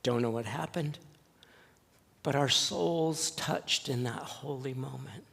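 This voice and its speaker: A male pastor preaching a sermon, telling a story slowly and earnestly with dramatic pauses. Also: mid-range voice, vocal fry, fairly bright tone, husky. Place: church sanctuary. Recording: long church reverb.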